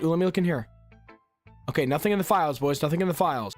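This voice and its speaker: A young man reacting loudly to a horror game with lots of cursing and jumpy outbursts. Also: on the high side, animated, quick pace, faint music behind. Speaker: gaming YouTuber. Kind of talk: horror game let's play.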